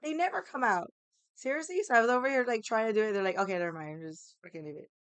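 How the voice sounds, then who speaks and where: Young woman telling a crazy story, laughs a lot, swears, does everyone's voices, smooth clear voice, dry close sound. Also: fairly high pitch, fast, no echo. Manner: animated, laughing, swears often, acts out quoted voices. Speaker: vlogger. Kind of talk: casual storytelling.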